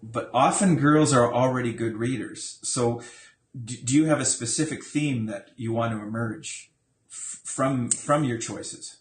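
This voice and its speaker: A man with a voice of middling pitch leads a relaxed interview, teasing his guest in a playful way. The room around him is echoey and roomy. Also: a little slow. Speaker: interviewer, author. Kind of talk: casual interview.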